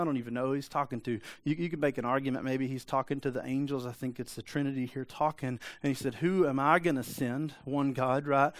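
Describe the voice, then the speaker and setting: A man's voice: mid-range voice, no room sound. A man preaching a sermon in a conversational way, often asking the congregation for an amen. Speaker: pastor.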